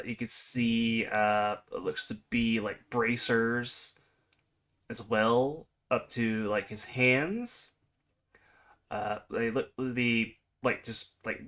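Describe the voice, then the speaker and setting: Male game master, slow and halting, full of fillers, average pitch. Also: fairly bright tone. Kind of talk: narrating a tabletop game.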